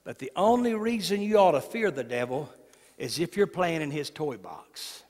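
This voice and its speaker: A man preaching a sermon as guest speaker, telling folksy stories and swinging from hushed asides to shouting. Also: fairly high pitch, expressive, normal speed. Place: church sanctuary, live service. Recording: reverberant church sanctuary.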